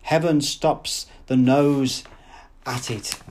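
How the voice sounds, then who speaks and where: A man reading aloud, voicing an enraged young man who shouts and recites verse in a rhythmic rant. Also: medium pitch, steady tone, takes it slowly, slight background noise, natural voice. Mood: raving.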